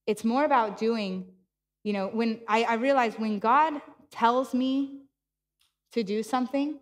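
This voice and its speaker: A woman with a fairly high voice delivers a sermon in a church, telling her story in an animated way and acting out the dialogue. Her voice carries a long reverb from the hall around her. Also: measured pace. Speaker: preacher.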